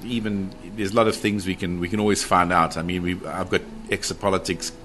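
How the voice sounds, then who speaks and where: With a low, steady, slightly bright voice and a brisk pace, a middle-aged guest recounts his brush with the paranormal. He tells it with drama, voicing quotes and circling back over the same phrases, and there's a little background noise.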